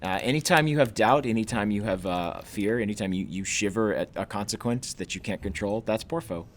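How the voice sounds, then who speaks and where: Rambling hammy comedy host. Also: male voice, lowish voice. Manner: rambling, hammy, quick asides. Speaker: show host. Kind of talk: improvised comedic riffing.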